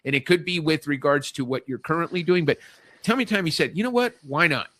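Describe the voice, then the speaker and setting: A man's voice: fairly high pitch, fast, fairly bright tone, no echo. A man hosting a podcast interview, enthusiastic and encouraging with his guest. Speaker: podcast host. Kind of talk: casual interview.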